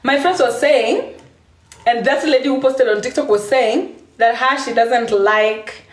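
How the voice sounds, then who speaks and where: A woman's voice: a little high, unhurried, reverberant. A woman with a Kenyan accent talking casually on a live stream, laughing often and repeating phrases for emphasis.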